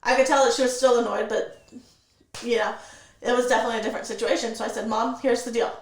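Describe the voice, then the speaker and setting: A woman's voice: on the high side, steady tone, quick pace, roomy sound, rough recording. A woman telling her own story as an interview guest, recounting events steadily and vividly and acting out the dialogue.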